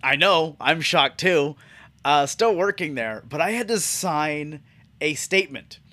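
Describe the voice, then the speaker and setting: A man's voice: a little high, animated, a little slow, pushed and bright, dry recording. A man hosting a podcast, telling a profane, exasperated comic story about his job in a casual monologue. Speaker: podcast host.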